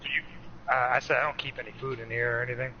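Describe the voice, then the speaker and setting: A man's voice: medium pitch, level tone, racing, a crowd in the background. A man co-hosting a podcast in casual chat, laid-back, swearing and arguing points. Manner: laid-back, argumentative, profane. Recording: dull lo-fi audio, faint noise.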